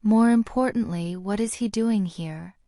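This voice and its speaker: A woman voicing a kind, practical mother in an audiobook, with a brisk, caring manner. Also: mid-range voice, dark tone, dry recording, clean studio sound, close to an everyday voice. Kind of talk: audiobook character reading.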